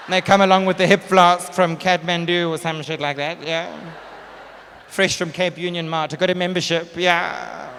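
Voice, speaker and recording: A high, bright-voiced South African man doing stand-up on a big stage. He tells his stories with lively energy and acts out characters in sudden loud bursts. His voice carries a long hall reverb, with a faint murmur of the crowd behind it. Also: normal speed, slight background noise. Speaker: stand-up comedian. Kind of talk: stand-up comedy set. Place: large theatre stage before a live audience. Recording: live hall reverb with audience.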